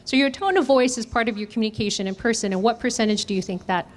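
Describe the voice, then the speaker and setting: A woman's voice: on the high side, fast, slight background noise. A woman trainer leading an interactive workshop, asking the audience questions and answering them. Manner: engaging, asks audience questions. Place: conference room.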